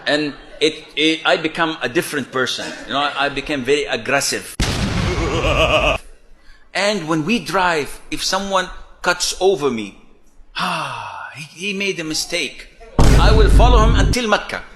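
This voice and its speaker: Man, slightly raised pitch, playful storyteller, noisy recording. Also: normal speed. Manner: joking, animated storytelling. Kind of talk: casual talk. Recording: loud background noise.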